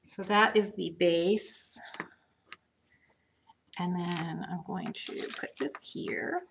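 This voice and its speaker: Slow, chatty woman demonstrating crafts. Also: on the low side, steady tone, vocal fry, noisy background. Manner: chatty, thinking aloud while working.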